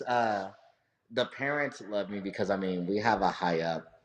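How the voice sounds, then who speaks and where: A wrestling coach from Southern California talks with a lowish voice. He rambles happily through his stories, packed with "like" and "dude" and frequent swearing. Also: a little slow. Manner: loose, profane, laughing storyteller, lots of fillers. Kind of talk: casual interview chat.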